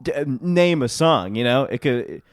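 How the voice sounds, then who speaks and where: Male podcast guest, animated pitch, dry close mic, wry and jokey. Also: unhurried, no room sound. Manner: wry, jokey, sings snippets in a silly voice. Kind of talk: casual chat.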